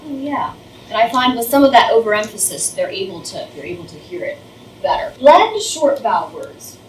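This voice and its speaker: A woman's voice: a little high, big pitch swings, moderate pace. A middle-aged woman, a first grade teacher, giving a training lecture on reading and demonstrating sounds. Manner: explains with demonstrations, overemphasizes sounds. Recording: roomy, distant, faint noise.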